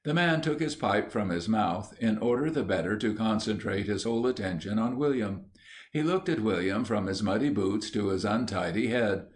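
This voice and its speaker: A man narrating a children's storybook in a measured, dry way. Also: fairly low pitch. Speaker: audiobook narrator.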